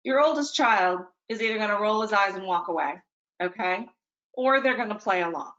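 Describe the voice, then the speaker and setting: A woman gives a parenting webinar in a relaxed, conversational way and keeps tagging her points with a quick "okay?". Her humor is dry and a little self-mocking. Her voice sits at a middle pitch and comes through a dull, lo-fi online call. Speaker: presenter.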